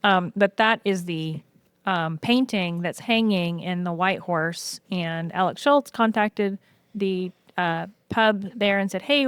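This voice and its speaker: A woman guest in casual podcast chat, telling lively stories with frequent "um"s. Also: lowish voice, smooth, no echo. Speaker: podcast guest, brewery co-owner.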